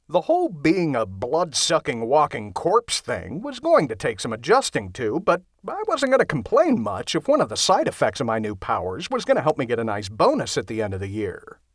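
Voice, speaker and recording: A man's voice: medium pitch, breathy edge, dry recording. Wry male audiobook narrator. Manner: wry, sarcastic, conversational. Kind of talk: first-person comedic horror narration. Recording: dry close studio sound.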